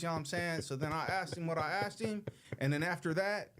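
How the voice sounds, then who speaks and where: Animated, slangy man telling a story. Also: a little high, moderate pace. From Los Angeles. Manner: animated, slangy storyteller who acts out quoted people. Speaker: show host. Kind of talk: casual storytelling to an audience.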